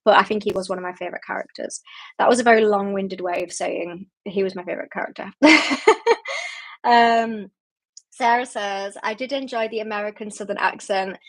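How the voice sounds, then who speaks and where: A woman's voice: mid-range voice, fairly even intonation, brisk. A woman hosting a book club livestream, chatting casually and rambling, reading out viewer comments and laughing at herself.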